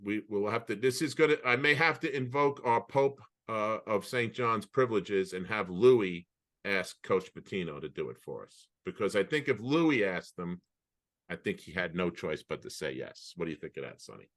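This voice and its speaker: A man co-hosting a podcast over a video call, telling anecdotes in an animated way with many restarts. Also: lowish voice, moderate pace. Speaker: podcast co-host. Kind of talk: casual storytelling chat.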